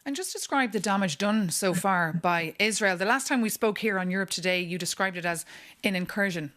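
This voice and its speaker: A woman anchoring a live news show, brisk and conversational. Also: mid-range voice, fairly bright tone.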